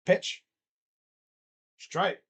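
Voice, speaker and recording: A man's voice: extremely slow, a bit bright. Casual young male baseball reaction streamer. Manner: casual, talks to his cat between pitches. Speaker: sports streamer. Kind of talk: live play-by-play reaction stream.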